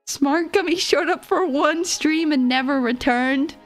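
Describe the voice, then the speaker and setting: A woman's voice: high-pitched, slow, faint music behind. A woman livestreamer chatting casually with viewers in a giggly, playful and teasing way.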